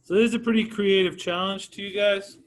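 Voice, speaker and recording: Upbeat male art teacher, slightly high. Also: fairly even intonation, fairly quick, slight background noise. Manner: encouraging, informal, addresses students by name. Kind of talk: classroom teaching.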